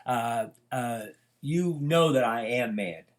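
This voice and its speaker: A man's voice: mid-range voice, slow. Older guy lecturing psych from home, rambly, lots of ums and side stories, regular voice. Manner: rambling, anecdotal, many fillers and restarts. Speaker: psychology teacher. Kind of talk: informal lecture.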